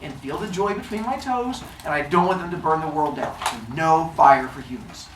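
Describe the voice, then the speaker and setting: A man's voice: on the high side, normal speed, echoey room, recorded from a distance, background noise, natural voice. A man voicing a petty, grumpy male king god in a bedtime-style myth retelling, indignant and exaggerated. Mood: peevish.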